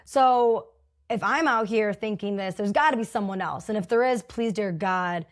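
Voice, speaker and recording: A woman's voice: mid-range voice, normal speed. A young adult woman talking casually on her own podcast, chatty and full of "like", acting out her own inner voice. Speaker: podcast host. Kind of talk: casual solo podcast talk.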